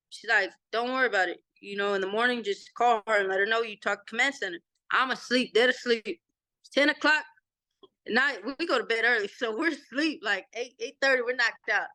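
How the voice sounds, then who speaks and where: A woman in her thirties with a Texan accent tells a story in casual conversation and acts out every line of dialogue as she goes. Her voice sits a little high and has a bright, forceful edge. The recording is dry and close, with almost no room sound. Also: a little fast, dry recording. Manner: animated retelling with quoted dialogue. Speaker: interview guest.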